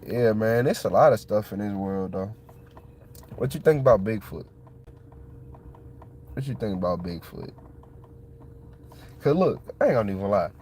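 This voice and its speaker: Excitable man rambling in slang. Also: fairly low pitch, fairly quick. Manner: excitable, colloquial, repeats himself. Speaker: channel host. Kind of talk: casual rambling monologue.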